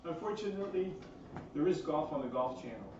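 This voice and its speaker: A man doing a stand-up comedy set in a small cafe, delivering deadpan one-liners with fillers. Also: a little high, brisk. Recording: far-off echoey lo-fi room recording with noise.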